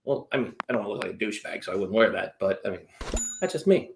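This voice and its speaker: A man in his thirties hosting a chat show, giggly and excitable, with lots of fillers. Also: fairly low pitch, quick pace, vocal fry, echoey room, a little hiss or hum. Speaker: show host. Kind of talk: casual chat.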